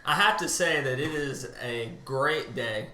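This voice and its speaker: Man, podcast host, bright forceful voice, upbeat and jokey, casual banter, roomy echo. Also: medium pitch, measured pace, a little hiss or hum. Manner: upbeat, announcer-like intro, jokey.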